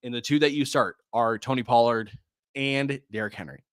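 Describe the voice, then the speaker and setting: A man hosts a live fantasy football stream, reading out viewers' names and snapping back quick start-or-sit calls. He sighs often and sounds a little distracted. His voice sits at a middle pitch and is recorded close and dry, with no room sound. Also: smooth, no room sound. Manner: rapid answers, reads viewer names and questions. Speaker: fantasy football podcast host.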